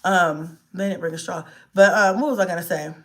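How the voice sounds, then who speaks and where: A mother and vlogger casually tells a storytime about her child, speaking in a lowish voice a little fast. She sounds animated and exasperated, swears freely, and acts out the dialogue.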